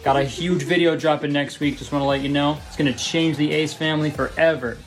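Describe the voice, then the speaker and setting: A man putting on an over-excited, cheerfully callous young male family vlogger with a peppy greeting style. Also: a little high, a little fast, soft background music, natural voice.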